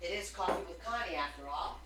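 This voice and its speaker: A woman's voice: lowish voice, animated, a little fast, very noisy. A middle-aged woman with a New Jersey accent, hosting a craft livestream, chatting casually and greeting viewers by name with rambling asides.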